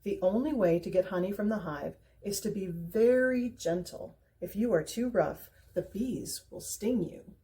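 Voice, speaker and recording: Woman doing a kindly helpful bear, patient, explaining, mellow voice. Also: mid-range voice, measured pace, hardly any pauses, slight background noise, natural voice.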